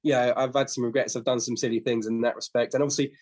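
A man in his fifties or sixties, sitting in as a podcast guest. He tells rambling anecdotes in a casual, conversational way, often stopping to restart a sentence. His voice sits at an ordinary middle pitch for a man. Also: little pitch movement, quick pace, a little mellow. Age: 50s to 60s. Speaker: podcast guest, flooring business owner. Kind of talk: casual interview storytelling.

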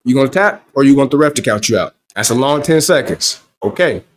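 Animated man telling a story. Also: mid-range voice, fairly quick, slight background noise. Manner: animated, wry storytelling with quoted back-and-forth. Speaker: podcast host. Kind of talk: solo storytelling monologue.

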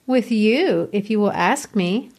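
A woman reading the part of a spirited young gentlewoman from a novel, in a poised, earnest manner. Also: medium pitch, animated, slow. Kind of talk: reading a novel's dialogue aloud.

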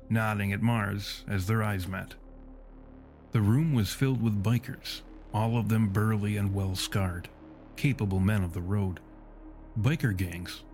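A man narrating a gritty fantasy story in a steady, measured audiobook delivery. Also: lowish voice. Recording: faint music underneath.

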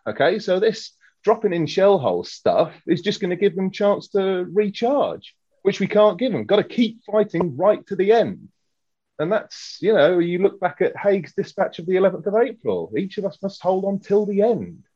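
Brief: male panelist, argumentative and animated, slightly dull lo-fi recording. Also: sits high, moderate pace, husky. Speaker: panel guest. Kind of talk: casual debate. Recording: dull lo-fi audio.

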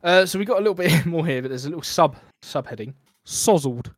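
A man's voice: fairly high pitch, expressive, fast, dry recording, clean studio sound. A man co-hosting a podcast, reading a story aloud with stumbles and chatting casually. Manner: stumbles over the text while reading, laughing often.

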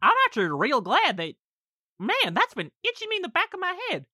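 A woman's voice: high voice, wildly swooping pitch, a little fast, bright, forceful tone, no echo, clean studio sound, voice pushed up, exaggerated voice. A woman voicing a centuries-old male shapeshifting trickster who talks in a chirpy, teasing way. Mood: gleeful teasing. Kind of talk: tabletop role-play character voice.

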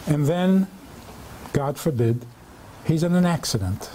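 Animated high-voiced man giving a lecture. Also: a little slow, a little hiss or hum. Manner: humorous storytelling with rhetorical questions. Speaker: rabbi. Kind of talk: lecture to a live audience.

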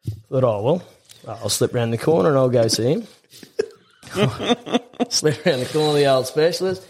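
A young man, a tradesman guest on a podcast, relaxed and chuckling as he tells a story from his apprenticeship. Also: medium pitch, moderate pace, long pauses, slightly rough. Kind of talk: casual storytelling.

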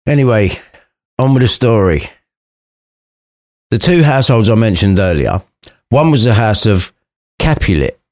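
A man's voice: deep voice, a little mellow, no room sound, clean studio sound. A man retelling a classic story as a crude, irreverent comedy, full of sweary asides.

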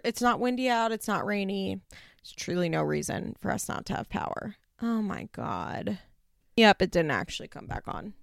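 A woman hosts a laid-back recap chat from her home, rambling with plenty of "like" fillers and the odd swear word. Her voice has a strong gravelly fry at the ends of her phrases. The sound is dry and close, with no room echo. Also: mid-range voice. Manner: chatty, swearing, frequent "like" fillers and laughs. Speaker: podcast host recapping a reality show. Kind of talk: casual chat.

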